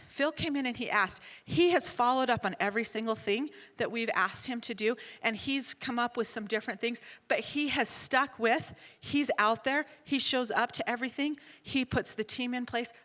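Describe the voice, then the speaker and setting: A middle-aged woman speaking on a conference panel, her bright, forceful voice sitting a little high. She tells her story with animated, self-mocking energy and acts out each exchange. A long hall reverb trails behind her amplified voice. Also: normal speed, hardly any pauses.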